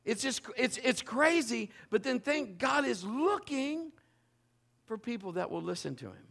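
A man preaching a sermon from a church stage, telling a teasing, animated story and joking with the people he calls up. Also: extremely high pitch, unhurried, vocal fry. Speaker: pastor. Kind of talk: sermon with a live demonstration. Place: church stage before a congregation.

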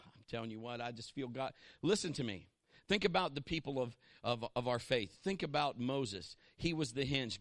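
Forceful, dry-sounding male pastor preaching. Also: medium pitch, lively intonation, moderate pace, no room sound. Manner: impassioned preaching, leads the congregation in repeating lines. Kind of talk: sermon.

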